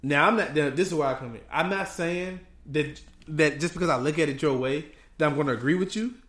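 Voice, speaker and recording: A man co-hosting a podcast in casual chat, animated, laughing often and tagging lines with "bro". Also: fairly high pitch, a little fast, roomy sound. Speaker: podcast co-host.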